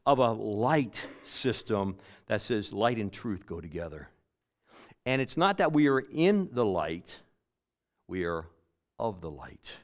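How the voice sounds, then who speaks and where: A man delivers a sermon in a mid-pitched voice. He presses key phrases with loud, rising emphasis, then lets his endings drop low and quiet, often repeating a phrase for weight. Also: very animated, unhurried. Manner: swings between loud emphatic lines and quiet, dropping endings. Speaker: preacher.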